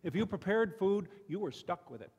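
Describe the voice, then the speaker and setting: A man's voice: sits high, expressive, normal speed, a little mellow, breathy edge. Older man preaching folksy sermon in hall. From Chicago. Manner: folksy, conversational, frequent restarts and "you know". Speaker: lay preacher. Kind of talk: sermon with personal stories. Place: church sanctuary.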